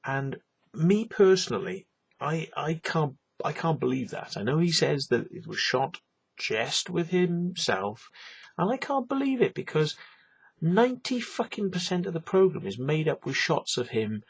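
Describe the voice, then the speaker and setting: A man's voice: on the high side, sing-song, unhurried, creaky, breathy edge, muffled recording. A man ranting on his vlog, profane, sarcastic and rambling. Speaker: vlogger. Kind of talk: ranting monologue.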